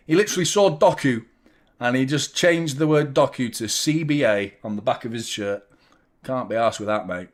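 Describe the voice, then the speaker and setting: A man hosting a live football watchalong, reacting loudly as a fan, swearing, joking and talking to viewers. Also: mid-range voice, moderate pace. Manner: excitable, swearing, jokey fan banter, chatting to viewers. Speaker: watchalong host.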